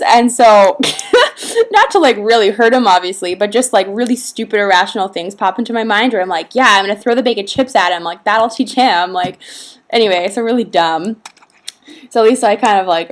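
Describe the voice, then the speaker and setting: A young woman from Canada, pregnant, chatting to her camera in a casual vlog. Her voice sits slightly high, and she rambles with plenty of fillers and frequent laughter. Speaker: vlogger.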